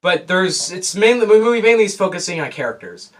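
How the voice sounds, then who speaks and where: A teenage boy giving a casual, rambling movie review, excitable and full of restarts. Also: high-pitched, quick pace. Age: teens.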